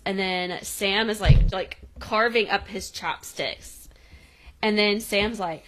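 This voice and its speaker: A woman with a bright, sharp voice chats through a TV episode recap on a podcast. She retells each scene in a casual, animated way and slips into the characters' lines as she goes. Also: medium pitch, unhurried. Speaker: podcast co-host.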